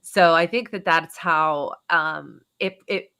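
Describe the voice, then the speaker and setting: A woman guesting on a podcast, with a bright, clear tone set a little low. She speaks casually and chattily, pausing on um and like as she recounts her research. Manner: conversational, with frequent um and like. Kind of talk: casual interview.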